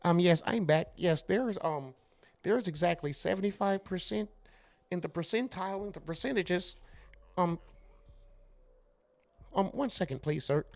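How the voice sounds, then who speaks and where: A man's voice: high-pitched, normal speed, creaky, long pauses. A man playing an overly polite corporate phone agent who talks stiffly and fumbles his figures. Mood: prim, businesslike. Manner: stiff, formal, fumbling with numbers.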